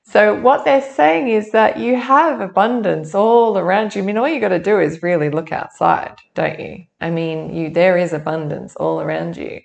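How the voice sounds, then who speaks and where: A woman's voice: on the low side, moderate pace, vocal fry, few pauses. A woman giving a casual monthly tarot reading, chatty and thinking aloud with many restarts. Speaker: tarot reader.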